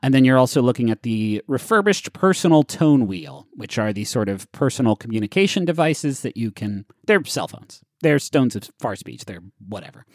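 A man's voice: medium pitch, very animated, normal speed, few pauses, a little mellow, dry recording, studio quality. A man narrating as game master of a tabletop game, casual and explaining the rules.

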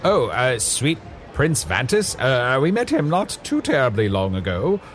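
A man's voice: medium pitch, wildly swooping pitch, unhurried, slight background noise. A man doing a stammering, pompous wizard. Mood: formal. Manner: stammering, mock-archaic and formal. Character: fussy self-important male wizard. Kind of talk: improvised comedy role-play.

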